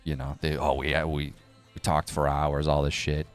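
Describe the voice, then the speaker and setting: A young man hosting a crypto news live stream, rambling casually with sarcasm, swearing and quick jumps between topics. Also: rumbling low, completely flat delivery, faint music behind.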